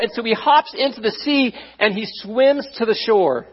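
A man preaching a sermon as pastor, animated and conversational, often checking in with his listeners. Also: extremely high pitch, normal speed, breathy edge, highs cut off.

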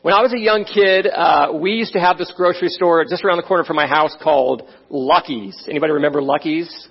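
High-voiced husky man preaching. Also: fairly quick. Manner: conversational, frequent "right?" asides. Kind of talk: sermon with personal story. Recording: dull, muffled sound.

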